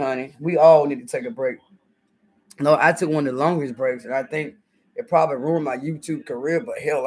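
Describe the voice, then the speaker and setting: A middle-aged woman from the southern United States, a YouTuber, talks casually on a live stream while she cooks at home, blunt, sassy, and swearing a lot. Her voice sits low, and the audio is poor.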